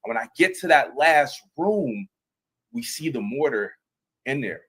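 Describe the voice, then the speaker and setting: A man tells his own story on a live panel, earnest and emphatic. His voice sits at an ordinary middle pitch. He often restarts phrases as he builds to the point. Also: expressive, unhurried, fairly bright tone, breathy edge, rough recording. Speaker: panel guest, veteran.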